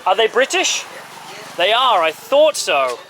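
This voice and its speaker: A travel vlogger with a fairly high voice chats casually outdoors at a street-side car yard, upbeat and easygoing. He slows down and keeps his words simple with locals, recorded on a handheld camera mic under loud, steady street noise and passing vehicles.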